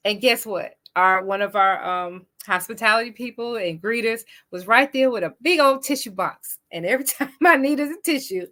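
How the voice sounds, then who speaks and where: A woman's voice: on the high side, moderate pace, hardly any pauses, bright, forceful tone. A woman hosting an inspirational talk show, who reads passages aloud and comments on them. She speaks to viewers in an earnest, encouraging, preacher-like way. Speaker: host.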